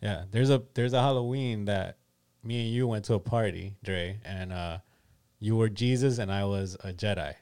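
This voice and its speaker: Male co-host, fairly low voice, goofy and joking. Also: moderate pace, darkish tone, clean tone, dry recording. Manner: joking, breaks into silly voices and accents. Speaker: podcast co-host. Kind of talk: casual chat.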